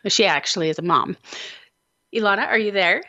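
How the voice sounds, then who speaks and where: A woman hosting a radio talk show, telling a personal story in a lively, animated way. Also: mid-range voice, fairly quick. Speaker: host. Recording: dull, lo-fi dry recording.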